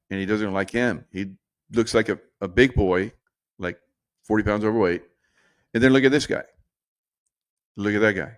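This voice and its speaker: Casual male commentator, slightly low voice, digressive and chuckling. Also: no room sound. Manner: rambling, digressive, laughs at own jokes.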